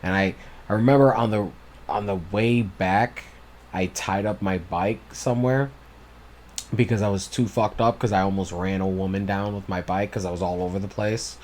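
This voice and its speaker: A man's voice: fairly low pitch, fairly even intonation, moderate pace, a little mellow, slight background noise. A man co-hosting a podcast, telling stories in loose, casual chat with heavy swearing. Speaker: podcast co-host.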